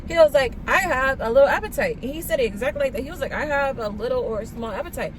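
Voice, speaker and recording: A young woman vlogging, telling a date story in casual slang, gushing and quoting herself in squeals, with a cough. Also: quick pace. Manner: animated, gushing, quotes herself in high squeals. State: coughing, under the weather.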